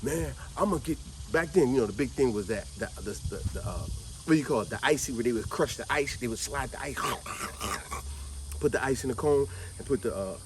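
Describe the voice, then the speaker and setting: A man telling a childhood story in a casual, animated way, acting out the people he quotes and often saying "man". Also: medium pitch, normal speed, background noise. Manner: animated, acts out quoted voices, repeats "man".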